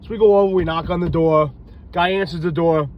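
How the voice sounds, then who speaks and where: A man spins loose, rambling stories in a casual vlog, his voice sitting high for a man. He sounds tired and loopy and swears freely as he goes. Faint street noise hums behind him outdoors. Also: fairly even intonation, fairly quick, lo-fi sound. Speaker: reptile breeder and police officer telling stories.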